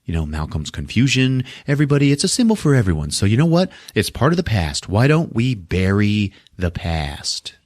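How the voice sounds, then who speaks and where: A frazzled hospital doctor blurts out curses and quick orders, as a man acts him out. The voice is lowish and sits in a dry, close recording. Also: big pitch swings, darkish tone, no echo. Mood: exasperated. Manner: flustered, profane, quick. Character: exasperated male hospital doctor.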